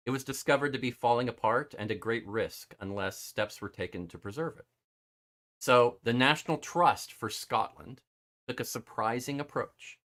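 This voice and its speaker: Man, show host, casual live chat, lively swooping pitch, laughs and stumbles over words.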